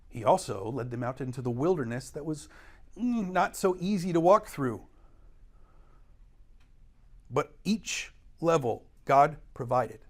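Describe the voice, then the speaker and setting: In a church classroom, a man leads an adult Bible study, explaining scripture earnestly and pressing hard on key words. He briefly acts out quotes from scripture figures in a mid-range, darkish voice.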